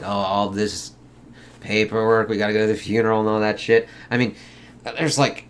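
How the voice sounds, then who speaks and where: A man's voice: medium pitch, a bit bright. A man talks through a film review in a loose, meandering way, swearing freely. He keeps slipping into brief, exaggerated voices for the characters and fills his talk with "like" and "kind of.". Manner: profane, rambling, acts out quotes in exaggerated voices. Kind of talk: casual spoken movie review.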